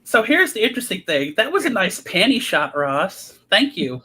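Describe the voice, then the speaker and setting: High voiced guy, bright tone, keeps restarting his sentences. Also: big pitch swings, husky. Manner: halting, repeats words as he starts. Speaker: podcast co-host. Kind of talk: casual chat.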